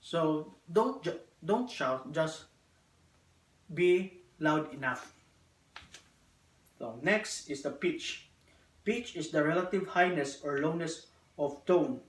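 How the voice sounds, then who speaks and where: Man presenting to a class, higher voice, unhurried phrase-by-phrase delivery, echoey room from afar. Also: animated. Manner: measured, deliberate, phrase by phrase. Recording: echoey room, distant mic.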